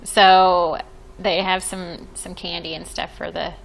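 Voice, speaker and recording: A woman's voice: lowish voice, little pitch movement, slow, creaky, slight background noise, low-quality recording. A woman hosting a podcast as a vacation planner, chatting casually and laughing often while she explains plans. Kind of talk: casual chat.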